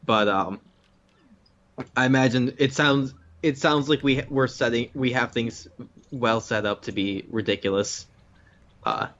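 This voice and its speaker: A young man co-hosting a let's play, chatting casually with halting, dry replies. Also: medium pitch, a bit bright, dull audio. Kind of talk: casual gameplay commentary.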